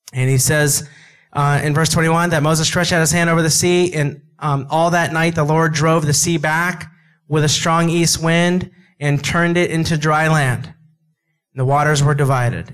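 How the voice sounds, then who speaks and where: A man's voice: a little high, smooth. A man preaching a sermon, speaking conversationally and acting out dialogue from the scripture he reads. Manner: animated, acts out dialogue with God and Moses; conversational, with asides and laughs.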